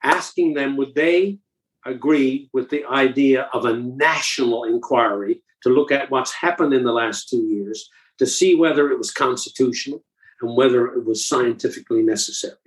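A man's voice: medium pitch, normal speed, poor audio. Earnest older man from Newfoundland. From Newfoundland, Canada. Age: 70s. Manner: earnest, repeats and restarts while recounting calls. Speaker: interview guest. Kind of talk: conversational storytelling.

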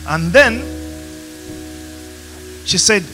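A pastor with a Ugandan accent preaching a passionate sermon in a church, rising to emphatic peaks. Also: male voice, high-pitched, lively intonation, very slow, bright, forceful tone. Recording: music playing behind.

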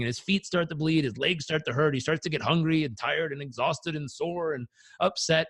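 A man on a podcast telling personal stories in an animated way, acting out the voices in them. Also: a little high, fairly quick, no echo. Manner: animated, acts out quotes. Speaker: guest. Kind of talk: conversational storytelling.

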